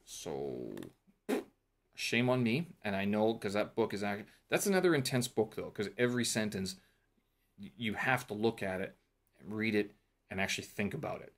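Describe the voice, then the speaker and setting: Low-voiced man rambling through his notes. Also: lively intonation, moderate pace. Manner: rambling, thinking aloud with fillers and self-corrections. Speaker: vlogger reviewing a teacher training course. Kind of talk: casual talk-through vlog.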